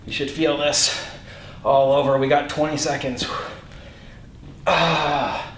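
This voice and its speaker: A man's voice: fairly high pitch, level tone, slow, fairly bright tone, roomy sound, a little hiss or hum. A male fitness instructor coaching a home workout, counting reps aloud and calling out short commands.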